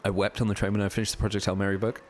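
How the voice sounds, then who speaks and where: Deep-voiced male streamer chatting. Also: flat delivery, rapid-fire, a little hiss or hum. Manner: chatty, reads and answers chat while playing; rambling, many fillers. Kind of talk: casual gaming live stream chat.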